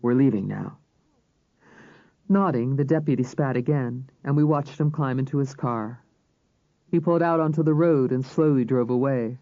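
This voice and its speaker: A man reading a crime novel aloud as narrator, in a measured, even storytelling manner. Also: medium pitch, dry recording. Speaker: audiobook narrator. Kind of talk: scripted narration. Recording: slightly dull audiobook recording.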